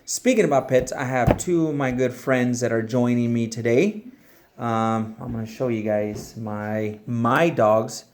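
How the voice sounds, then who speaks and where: A man reads a picture book to children and talks it through slowly and gently. His voice stays soft and calm, and he takes his time with every point he explains. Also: mid-range voice. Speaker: storyteller for children. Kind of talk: reading a picture book aloud and chatting.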